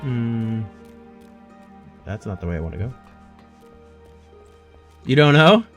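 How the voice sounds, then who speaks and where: A man's voice: medium pitch, sing-song, slow pace, over music. A man giving casual gameplay commentary, chatting with viewers with many fillers. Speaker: game streamer.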